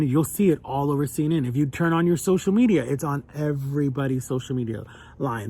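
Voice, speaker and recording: A man's voice: fairly high pitch, mellow. A young adult man talking earnestly and emotionally in a personal vlog, his voice climbing when he gets upset. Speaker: vlogger.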